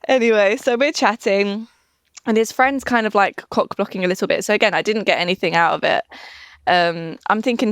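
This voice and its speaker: A woman's voice: medium pitch, a little fast, clear, resonant tone, no room sound. Chatty young Englishwoman, dry close sound. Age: 20s. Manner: chatty, laughs often, acts out quotes. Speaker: podcast guest. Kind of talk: casual storytelling.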